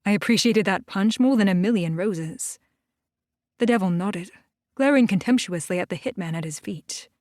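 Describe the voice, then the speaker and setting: A woman's voice: medium pitch, moderate pace, darkish tone, no room sound. Woman narrating an audiobook, dry sound. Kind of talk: first-person audiobook narration.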